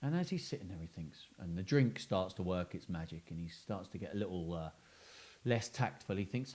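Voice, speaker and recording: A man's voice: lowish voice, very animated, brisk, a little mellow. A man hosting a children's story and joke show, talking in a playful, self-mocking way. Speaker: host.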